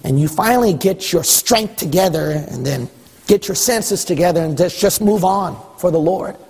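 A man preaching a sermon as pastor, animated, acting out exchanges with God. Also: high voice, normal speed, breathy edge. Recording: echoey hall with long reverb.

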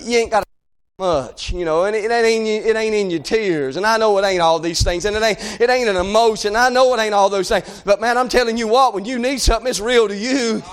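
Fervent high-voiced preacher. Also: male voice, brisk, smooth. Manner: swings from shouted pleading to low, quiet talk. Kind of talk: sermon.

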